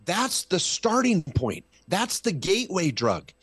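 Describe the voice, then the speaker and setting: A man's voice: sits high, a little slow, slightly rough, no room sound. A middle-aged man, a tax lawyer guest, talking in casual podcast chat and telling stories with emphasis. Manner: animated, emphatic storytelling.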